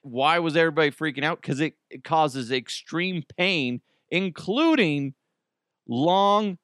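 A man's voice: a little high, moderate pace, fairly bright tone, dry recording, studio quality. A man in his thirties, a podcast host, telling stories in a casual, joking monologue and laughing often.

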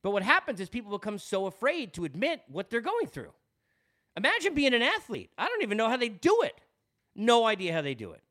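His high, fairly bright voice swoops wildly in pitch, and he talks a little fast. He's a podcast host with a Long Island New York accent, giving a candid, earnest personal monologue with many repeated words.

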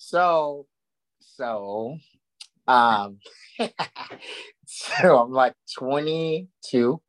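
A man's voice: medium pitch, expressive, very slow, fairly bright tone, rough recording. A young man who fights, chatting casually and laid-back, saying "bro" and "dude" a lot. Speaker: fighter, podcast co-host. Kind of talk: casual chat.

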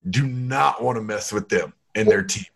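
A man hosting a podcast in relaxed, joking casual chat. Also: lowish voice, moderate pace, vocal fry, soft background music. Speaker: podcast host.

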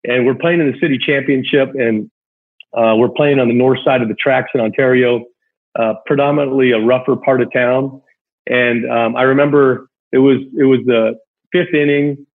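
A man, a former big-league pitcher, telling an emotional childhood story in a rambling, casual way with many fillers. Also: steady tone, moderate pace. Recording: tinny phone-line sound.

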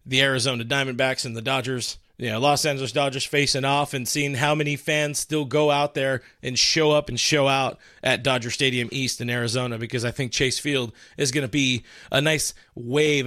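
A man's voice: medium pitch, fairly bright tone, no room sound, studio quality. A man hosting a casual live stream, reading chat comments aloud and rambling through them with frequent restarts. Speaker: livestream host.

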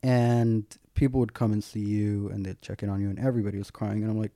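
A man's voice: on the low side, steady tone, brisk, dark tone, no echo, clean studio sound. A man, a guest, telling a personal story in candid, casual talk, full of "like" and wry self-mocking humour.

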